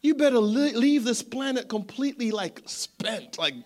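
A man preaching a sermon, telling a story in an animated, chatty way that often repeats words. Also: very high-pitched, normal speed, few pauses. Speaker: pastor.

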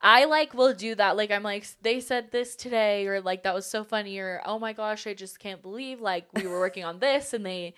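A bubbly young woman teacher talks on a podcast. She chats casually and leans on "like" and "literally." Her delivery stays loose and lively. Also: medium pitch, brisk, few pauses, smooth. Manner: bubbly, laughs often, full of "like" and "literally". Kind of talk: casual chat.

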